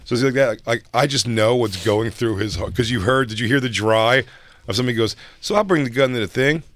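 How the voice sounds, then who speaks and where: A man's voice: medium pitch, fairly quick, fairly bright tone, dry recording. A man co-hosting a podcast, chatting loosely and joking while reacting to video clips. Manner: laid-back, loose and joking, full of fillers. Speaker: podcast co-host. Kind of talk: casual chat reacting to clips.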